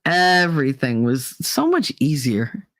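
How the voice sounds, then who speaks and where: A woman's voice: deep voice, unhurried, no echo, studio quality. A woman, hosting a podcast and ranting in a casual storytelling way, laughing often and swearing. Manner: animated, laughs often, swears, acts out quoted voices. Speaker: podcast host.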